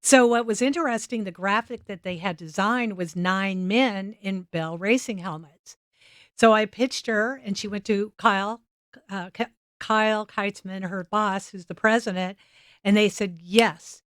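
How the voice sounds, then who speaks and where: A woman guest on a podcast tells stories in an easy conversational way, slipping into the voices of the people she quotes. Her voice is smooth and resonant, recorded close and dry in a studio with no room sound. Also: medium pitch, a little slow, dry recording. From United States. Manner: animated, acts out quoted dialogue. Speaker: podcast guest, motorsports nonprofit director. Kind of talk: casual storytelling interview. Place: studio set.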